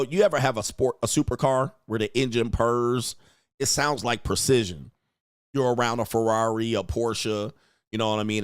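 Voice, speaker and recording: A man's voice: medium pitch, no room sound, clean studio sound. A man hosting a livestream, reading viewer messages aloud and ranting casually with profanity, laughter and mocking asides. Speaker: host.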